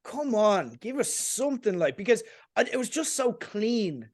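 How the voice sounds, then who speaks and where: Higher-voiced man giving measured opinions. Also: big pitch swings, darkish tone. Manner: measured, reflective, hedges his opinions. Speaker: podcast co-host. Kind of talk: casual chat.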